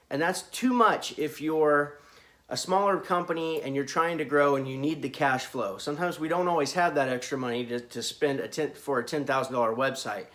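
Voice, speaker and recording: A man's voice: a little high, a bit bright. Earnest man coaching with questions. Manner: earnest, repeats words and restarts often; asks the listener many questions. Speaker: business coach. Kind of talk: casual talking-head advice video.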